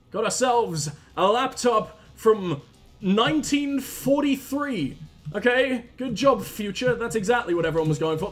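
A man streaming a video game, talking through it with profane jokes and rambling asides. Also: high voice. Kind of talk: live gameplay commentary. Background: faint game music.

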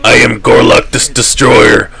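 A man voicing a dim-witted male orc warrior in a game role-play, droning the same short phrases in a low growl. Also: wildly swooping pitch, heavy background noise, heavily acted. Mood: proud. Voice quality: gravelly, slow and repetitive.

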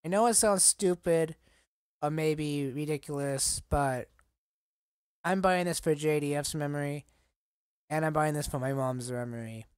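A man in a casual collecting vlog, talking haltingly and getting choked up, rambling with many fillers. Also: medium pitch, darkish tone, clean tone, no room sound, studio quality. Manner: halting, emotional, choked up at times. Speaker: collector vlogger.

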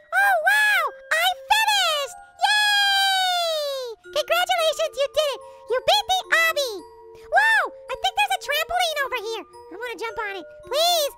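Brief: tiny-sounding, bubbly cartoon kid, bright and squealing, game let's-play. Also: female voice, very high voice, a little slow, soft background music, full character voice. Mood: giddy. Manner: giddy and wide-eyed, squealing "yay" and giggling. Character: sweet, bubbly childlike girl who loves rainbows and unicorns.

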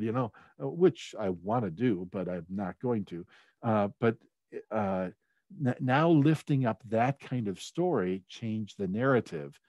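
A man's voice: on the low side, a little mellow, no echo, lo-fi sound. A middle-aged man telling a personal story in a conversational way, with many fillers and restarts. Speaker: speaker at a leadership talk.

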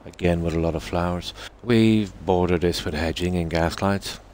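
A man with a very low voice talks through a game build in loose, easygoing commentary. He pauses often and fills the gaps with "um" and "uh". A faint steady hiss sits under his voice. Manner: easygoing, halting with frequent fillers. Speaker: game streamer. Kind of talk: casual commentary on a game tour.

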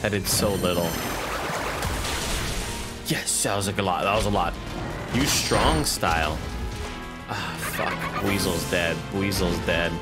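A male streamer commenting casually on a game, excitable and swearing often while he talks to the game and chat. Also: low-pitched, takes it slowly, pauses often. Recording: game music playing under voice.

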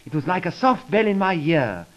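A man's voice: sits high, big pitch swings, moderate pace, lo-fi sound. A man playing a lovesick young man-about-town in a 1930s comedy sketch, talking in a gushing, theatrical way on an old record.

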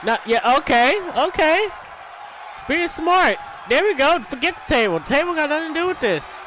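Man, exasperated game commentary, swears and shouts at the screen, loud crowd cheering and game noise in the background. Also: extremely high pitch, sing-song, normal speed. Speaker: gaming channel host. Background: video game crowd noise.

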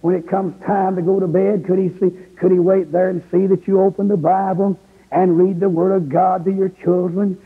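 A middle-aged man, an evangelist, preaching a revival sermon in an impassioned, pleading way with a gravelly, husky voice. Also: sits high, level tone, normal speed, soft background music. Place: church revival service. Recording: tinny, echoey old sermon tape.

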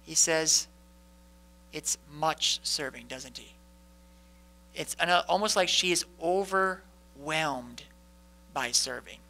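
A man's voice: fairly high pitch, slow pace, long pauses, pushed and bright, low-quality recording. A man leading a parish Bible study in a conversational way, often asking the group questions and answering them himself.

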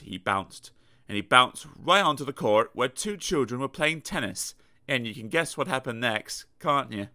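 Guy reading a kids storybook, playful, bouncy pitch, real bright sound. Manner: lively, playful sound effects. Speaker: audiobook narrator.

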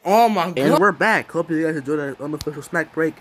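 A man's voice: a little high, fast talker, a bit bright. A man giving rambling, profane casual commentary on a video. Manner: rambling, heavy swearing, trailing restarts. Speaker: YouTube commentator.

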